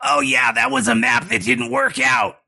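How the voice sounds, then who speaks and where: A man's voice: extremely high pitch, moderate pace, creaky, pushed and bright, slightly rough, voice pushed up, full character voice. A man voicing a weepy, flustered, oversized feathered lizard creature in a tabletop game. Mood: startled, tearful.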